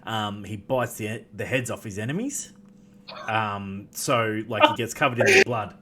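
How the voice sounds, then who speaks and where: A man's voice: fairly low pitch, wildly swooping pitch, unhurried, pushed and bright. A man who plays tabletop games, chatting casually, rambling with lots of fillers and restarts and laughing often. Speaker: tabletop game player. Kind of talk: casual chat.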